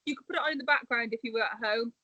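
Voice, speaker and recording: A woman joins a casual podcast chat, talking in a chatty and enthusiastic way. Her voice is bright and slightly high. The sound is dry and close to the mic. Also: very fast, dry recording, highs cut off.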